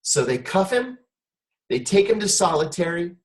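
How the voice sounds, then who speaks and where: A middle-aged man, a guest on a talk show, telling a wry, animated story in conversation. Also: high-pitched, normal speed, poor audio.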